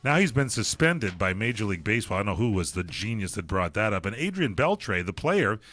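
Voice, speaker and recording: A man's voice: fairly low pitch, big pitch swings, brisk, a bit bright, no echo. Older man chatting sports, rambling. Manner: rambling, filler-heavy storytelling. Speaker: sports radio co-host. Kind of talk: casual sports talk.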